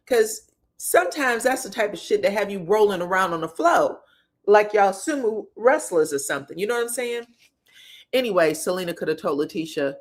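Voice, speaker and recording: A woman recapping a reality TV episode, talking candidly and straight to the cast, slangy and quick to swear. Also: mid-range voice. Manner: slangy and expressive. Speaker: reality TV commentator.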